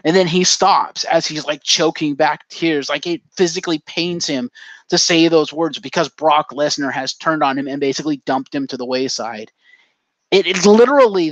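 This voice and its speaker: A man with a slightly raised pitch chats on a podcast, retelling a story with animated energy and casual swearing. The sound is dry and dull, like a cheap lo-fi mic. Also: dry recording. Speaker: podcast co-host. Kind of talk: casual chat.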